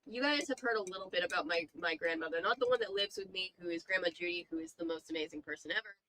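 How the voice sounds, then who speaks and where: Bright-voiced young woman reading aloud. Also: lowish voice, quick pace, a little hiss or hum, poor audio. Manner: chatty, reacts to chat, swears casually. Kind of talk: casual book reading and chat.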